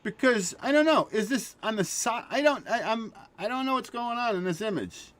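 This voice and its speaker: A man hosting a casual livestream, excitable, swearing and laughing often, trailing off mid-sentence. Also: extremely high pitch, normal speed. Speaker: show host.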